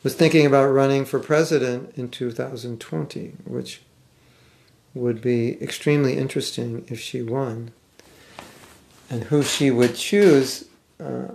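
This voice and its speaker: Gravelly-voiced American man teaching scripture. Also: medium pitch, fairly even intonation, a little mellow. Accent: General American. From United States. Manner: thoughtful, halting, reads passages aloud. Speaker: spiritual teacher. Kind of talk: scripture class. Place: class room.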